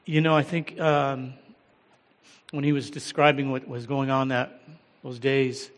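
A middle-aged American man preaching as a guest pastor, humble and halting, with many fillers. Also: mid-range voice, level tone. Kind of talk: sermon. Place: large church hall. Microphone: handheld or headset mic. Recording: long church hall reverb.

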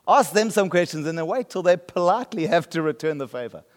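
A man's voice: fairly high pitch, lively intonation, a little fast, long reverb tail. A man from South Africa with a South African accent, preaching a sermon in a conversational way and often checking that the listeners follow. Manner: conversational, often asks the room if they get the point. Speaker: pastor.

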